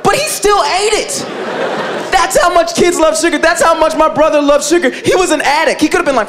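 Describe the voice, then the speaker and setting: A man's voice: very high voice, fast talker. A man doing a stand-up comedy routine on a club stage, telling a story with lots of "like" fillers and acting out the people in it. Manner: animated storytelling, frequent "like" fillers, acts out characters. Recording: live club with loud crowd laughter and noise.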